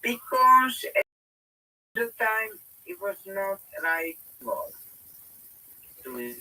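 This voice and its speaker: A man speaking as a podcasting guest in casual chat, halting and with broken phrasing. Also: sits high, huge pitch swings, gravelly, pushed and bright, rough recording.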